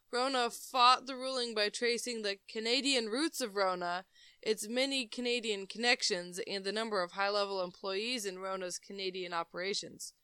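Bright, giggly woman podcast co-host. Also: a little high, clean tone, no room sound, clean studio sound. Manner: giggly, reads aloud with asides and jokes. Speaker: podcast co-host reading a news article. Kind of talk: casual podcast chat.

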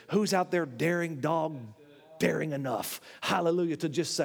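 A man preaching a sermon in a church, animated, swinging between loud, high exclamations and low, quiet asides. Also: moderate pace, gravelly. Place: church sanctuary. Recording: long hall reverb.

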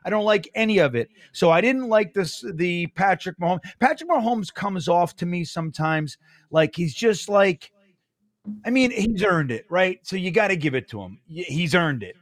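Sports podcast co-host, male, high-pitched and dry, blunt ranting delivery. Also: lively intonation, moderate pace, dry recording. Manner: blunt, grumpy, swears freely. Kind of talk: casual sports talk.

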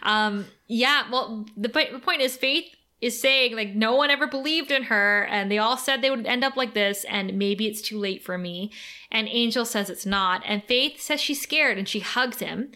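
A young woman hosting a podcast, recapping an episode in casual, animated chat with laughter and swearing. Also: a little high, normal speed. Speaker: podcast host.

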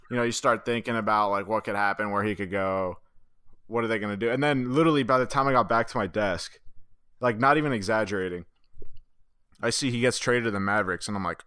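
A man co-hosting a sports podcast, with a smooth, resonant, mid-range voice. He tells stories in a relaxed, chatty way. The sound is close and dry. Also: on the low side, brisk, pauses often, no echo. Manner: storytelling, laid-back, casual swearing. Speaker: podcast co-host. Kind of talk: casual sports chat.

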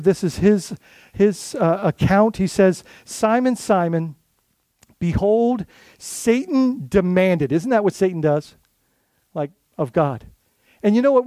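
A man's voice: high-pitched, mellow, no room sound. A man who is a lead pastor, giving an earnest, conversational sermon full of restarts and asides.

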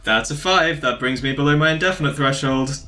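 A man playing a tabletop game, quick to exclaim and asking how the rules work for him. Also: mid-range voice, bright, forceful tone, soft background music. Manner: shocked, exclaiming reactions. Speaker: player.

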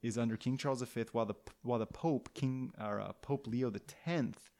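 A man's voice: mid-range voice, a little fast, warm tone. A man hosting a podcast, telling a history story in casual chat, playful and rambling with restarts and tangents.

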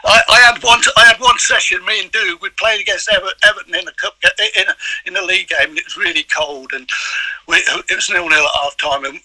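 Lively older man telling stories. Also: high voice, fast talker, no echo, low-quality recording. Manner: animated anecdotes, many repeated words and restarts. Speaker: guest, former footballer. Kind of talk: storytelling interview.

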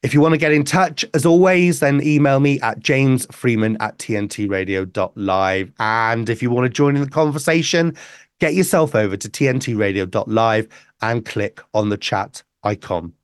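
A man's voice: medium pitch, normal speed, smooth, no room sound, clean studio sound. A man hosting a talk radio show, chatting and bantering with his co-host while a bit under the weather. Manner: bantering, self-deprecating.

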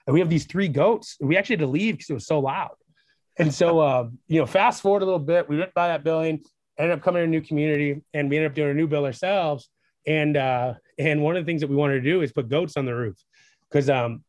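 Young man with a fairly high voice, excitable and rambling, telling an interview story, dry close-miked sound. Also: no room sound. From Wisconsin, USA. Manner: excitable, rambling, acts out quoted dialogue. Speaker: distillery founder, guest.

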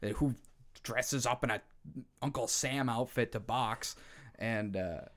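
A man co-hosting a casual podcast chat about movies, excitable and swearing freely. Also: medium pitch, unhurried. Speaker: podcast co-host.

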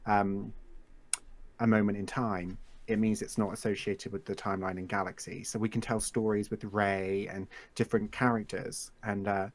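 A man's voice: fairly low pitch, flat delivery, normal speed. A man from England with an English accent, chatting as a podcast guest about running a game server, easygoing and self-deprecating. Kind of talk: casual podcast chat.

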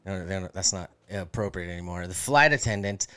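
A man's voice: low voice, animated, fairly quick, sharp tone, clean tone. A man co-hosting a podcast, telling a story in casual chat, rambling with many fillers and restarts. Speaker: podcast co-host.

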